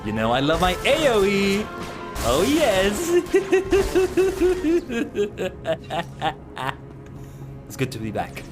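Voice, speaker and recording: A man's voice: high voice, wildly swooping pitch, moderate pace, music in the background. A man streaming a game, chatting casually, playful and punning and laughing often. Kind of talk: casual gaming commentary.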